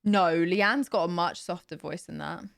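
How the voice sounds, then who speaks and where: A woman's voice: lowish voice, moderate pace, creaky, fairly bright tone. Chatty young woman streaming. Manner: chatty and rambling, full of "like" and "you know". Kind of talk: casual livestream chat.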